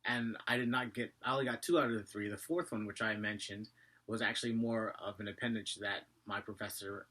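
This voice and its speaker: A man with a slight Asian accent talks straight to camera in a loose, rambling vlog monologue. He runs quickly through his thoughts and keeps stopping to correct himself. His voice is bright and a little husky, and his pitch sits on the low side. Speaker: vlogger.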